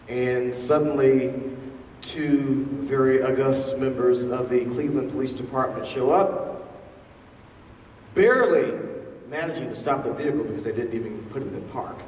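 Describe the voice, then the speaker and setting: A man's voice: medium pitch, normal speed, a little mellow, slight background noise. A man giving a public talk to a live audience, asking the crowd questions as he speaks. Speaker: featured speaker. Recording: echoey hall from far off.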